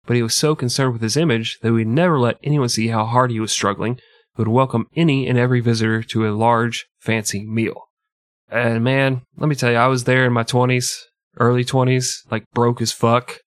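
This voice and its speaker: A man's voice: medium pitch, steady tone, fairly quick, no echo. Man in his thirties, comedic history podcast host, irreverent and swearing, dry close mic. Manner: irreverent, profane, laughs often.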